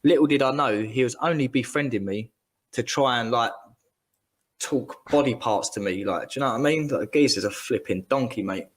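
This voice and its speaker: A man's voice: mid-range voice, brisk. Slangy ranting man. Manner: animated, slangy, repeats himself. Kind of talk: ranting casual chat.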